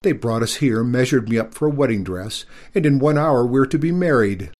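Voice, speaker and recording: A man's voice: medium pitch, lively intonation, moderate pace, a little mellow, lightly acted. A man voicing a tearful young princess, speaking in a raised, wailing voice. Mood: distressed.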